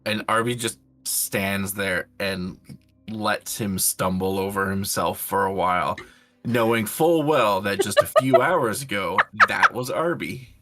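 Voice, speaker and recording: A man's voice: fairly low pitch, measured pace, bright, forceful tone. A man playing a tabletop role-play, describing his character's actions with some hesitation. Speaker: player.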